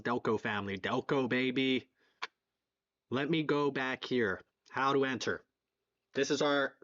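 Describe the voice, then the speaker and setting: Philly-male stream host, excitable, repeats lines, slightly muffled audio. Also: medium pitch. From southeastern Pennsylvania. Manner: excitable, repeats himself, reads donations aloud. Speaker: livestream fundraiser host. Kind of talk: live stream chat.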